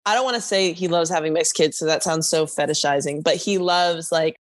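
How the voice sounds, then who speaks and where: A woman's voice: low voice, a little fast. A young woman hosting a podcast, chatting casually and acting out the people in her stories. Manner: animated storyteller, quotes people in lively voices. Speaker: podcast host. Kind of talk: casual chat.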